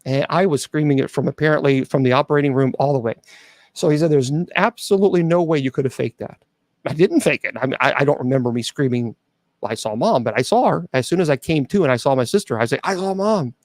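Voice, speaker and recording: Middle-aged male host, earnest testimony, stops and restarts, mid-pitched, dry close mic. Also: no room sound. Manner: earnest, halting with restarts and fillers. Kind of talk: personal testimony to an audience.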